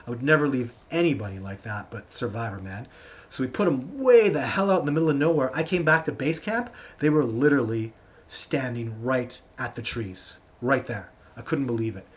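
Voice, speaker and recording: A man hosting a live stream, answering viewer questions in a rambling, animated storytelling way with lots of restarts. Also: mid-range voice, moderate pace. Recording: dull lo-fi stream audio.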